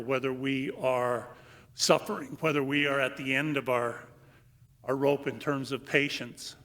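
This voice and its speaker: An older male priest giving a homily, slow and reflective with long pauses, and reading aloud with lively comic emphasis. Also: medium pitch. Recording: long reverb of a large hall.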